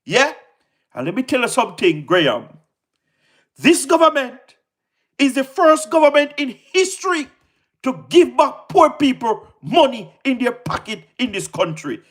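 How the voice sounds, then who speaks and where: A woman's voice: high-pitched, very animated, unhurried, breathy edge. A woman with a Jamaican accent giving emphatic political commentary on her channel, repeating phrases and laughing often. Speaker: YouTube commentator.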